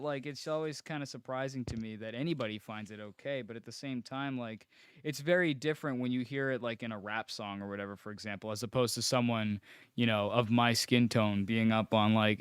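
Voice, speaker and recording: A man's voice: mid-range voice, clean tone, dry recording, clean studio sound. A man co-hosting a casual podcast from his apartment, talking in a rambling way full of restarts and fillers. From not from the UK. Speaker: podcast co-host. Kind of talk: casual chat. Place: home apartment.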